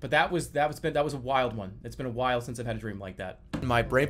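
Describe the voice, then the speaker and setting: A man's voice: medium pitch, fast talker, hardly any pauses, soft background music. A young man streaming, telling his dreams in casual chat, acting out the voices and swearing freely. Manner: animated storytelling, acts out quotes with profanity.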